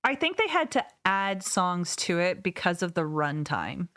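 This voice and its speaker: A woman's voice: lowish voice, sing-song, measured pace, sharp tone, no echo. Woman, podcast co-host, chatty, easygoing, dry sound. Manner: chatty, laughs often, easygoing. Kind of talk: casual chat.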